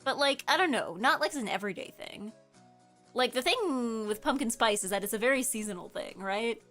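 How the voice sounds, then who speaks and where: A woman's voice: a little high, animated, fairly quick, fairly bright tone, soft background music. A woman streamer in casual chat, rambling and correcting herself, with lots of filler words. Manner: rambling, chatty, many filler likes, self-correcting.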